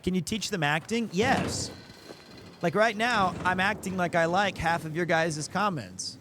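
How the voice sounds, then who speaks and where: A male streamer talks through his game in a high, unhurried voice, teasing his chat and laughing at his own jokes. The casual commentary sits over a clear bed of background noise. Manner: joking, teasing, laughs often.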